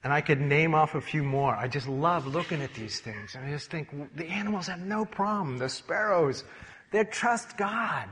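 An older man preaching a sermon, telling stories in a lively way and acting out the characters. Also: on the high side, moderate pace, slight background noise. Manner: animated storytelling, acts out voices. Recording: long hall reverb.

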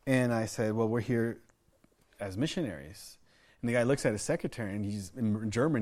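A man's voice: lowish voice, brisk, darkish tone. A middle-aged American man preaching a sermon, telling personal stories in an earnest way, often restarting and repeating words. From United States. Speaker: pastor.

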